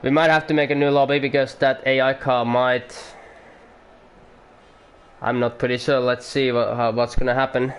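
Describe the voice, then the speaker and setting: A man giving casual, rambling commentary on an online racing league, excitable and full of fillers. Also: mid-range voice, moderate pace, long pauses, clean tone.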